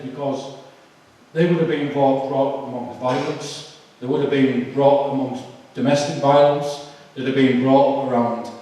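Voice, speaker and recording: Man, emotional testimony with halting delivery and fillers; recorded far off in a big, echoey hall. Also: mid-range voice, warm tone. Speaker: speaker giving a testimony. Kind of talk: personal testimony talk.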